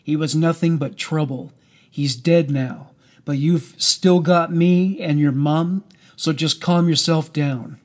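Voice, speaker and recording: A man's voice: on the high side, steady tone, takes it slowly. A man voicing a crude, menacing stepfather. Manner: threatening and crude. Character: coarse, menacing male stepfather, middle-aged.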